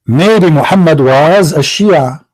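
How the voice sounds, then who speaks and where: A man's voice: a little high, expressive, takes it slowly, a little mellow, low-quality recording. A man hosting a religious debate show, mocking and confrontational, firing rhetorical questions in broken English. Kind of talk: combative religious debate monologue.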